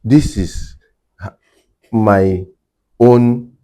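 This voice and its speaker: Low-voiced man explaining clinical practice. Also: steady tone, very slow, mellow. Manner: explains methodically, repeats key points for emphasis. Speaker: hearing care clinician. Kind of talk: explanatory interview talk.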